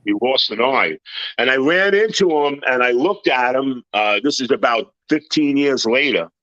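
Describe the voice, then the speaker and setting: A man's voice: medium pitch, expressive, moderate pace, a bit bright, no echo, highs cut off. A man telling personal stories in a casual interview, blunt and tough-talking, acting out what people said.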